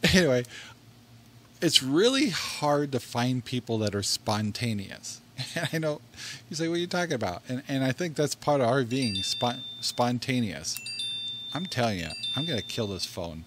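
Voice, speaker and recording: A man's voice: mid-range voice, expressive, a little slow, a bit bright, slight background noise. A middle-aged man hosts a laid-back podcast, speaking into a desk microphone in a mid-range voice. He rambles, laughs often and restarts his sentences as he tells stories. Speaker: podcast co-host. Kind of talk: casual podcast monologue.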